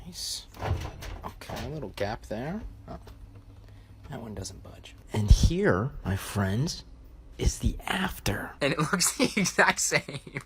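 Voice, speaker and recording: Background noise runs under this medium-pitched male voice. It belongs to a young American TikTok vlogger in his twenties, cheerfully mocking himself while talking to camera in his tiny New York City apartment.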